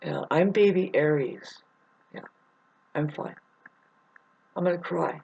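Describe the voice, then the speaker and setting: Husky woman rambling and swearing, laughs a lot, kinda muffled lo-fi audio. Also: fairly low pitch, takes it slowly, a little mellow. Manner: rambling, profane, laughs often. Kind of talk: rambling spiritual monologue. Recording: muffled lo-fi recording.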